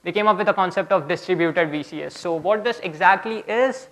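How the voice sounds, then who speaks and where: A man's voice: high-pitched, brisk, a bit bright. A young man giving a casual, chatty technical talk at a conference, often checking in with "okay?". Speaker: conference speaker.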